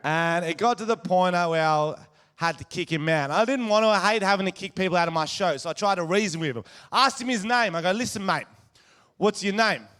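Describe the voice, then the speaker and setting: An Australian man performing a stand-up comedy set on stage, telling crude stories with loud shouted impressions. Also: sits high, quick pace, smooth. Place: comedy venue stage before a live audience.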